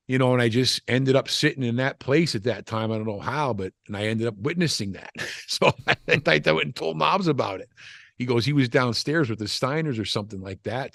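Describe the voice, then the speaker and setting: A man's voice: mid-range voice, gravelly, a bit bright, dry recording. An older man, a former wrestler, telling stories in a casual interview, rambling with frequent restarts and "you know" asides. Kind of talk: casual storytelling chat.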